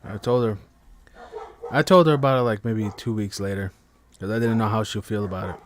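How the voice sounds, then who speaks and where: A man's voice: fairly low pitch, steady tone, a little fast, a little hiss or hum. Rambling, stammering man on a late-night stream. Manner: rambling, stammering restarts, heavy swearing. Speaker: live stream podcast host. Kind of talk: casual late-night monologue. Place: at home while others sleep.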